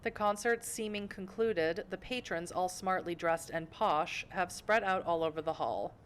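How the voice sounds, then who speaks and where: With slight background noise, an American woman reads a visual novel aloud in a lowish, unhurried voice. Streaming from home, she breaks off now and then for playful jabs at herself.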